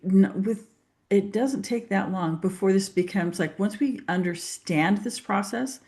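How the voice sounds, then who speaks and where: A woman's voice: mid-range voice, measured pace, a little mellow. A woman hosting a podcast conversation, encouraging as she sums up her guest's points. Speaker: host. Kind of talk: casual interview talk.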